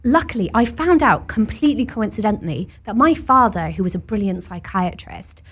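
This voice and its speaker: A woman's voice: medium pitch, lively intonation, a little fast, a bit bright, husky. A young British woman chatting as a guest, talking in loose restarts and fillers. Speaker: guest actor. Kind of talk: casual chat.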